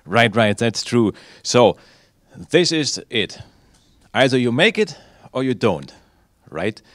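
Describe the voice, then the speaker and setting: A man's voice: medium pitch, sing-song, slow pace, a bit bright, no room sound. A man hosting a pre-match interview with two finalists, hesitant and full of fillers. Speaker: tournament host interviewer.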